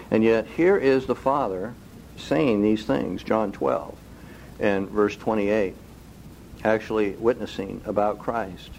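A man preaching a sermon who keeps asking the congregation rhetorical questions and slows down to stress key phrases. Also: fairly low pitch, fairly even intonation, creaky, a little mellow, slight background noise, low-quality recording. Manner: slow, deliberate emphasis on key phrases.

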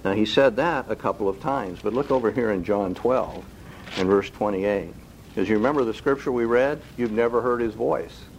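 A man preaching a sermon who keeps asking the congregation rhetorical questions and slows down to stress key phrases. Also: on the low side, a little hiss or hum, low-quality recording. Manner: slow, deliberate emphasis on key phrases.

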